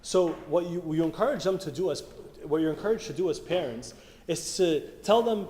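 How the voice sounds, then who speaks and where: A man's voice: sits high, expressive, brisk, warm tone. A man giving a casual, conversational sermon, often asking the audience questions. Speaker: speaker at a church youth meeting. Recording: echoey hall with faint room noise.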